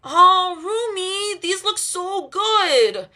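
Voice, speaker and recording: A woman reading a fan story aloud and voicing a bubbly, excitable young woman who gushes in a high whine. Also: very slow, heavily acted. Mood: gushing.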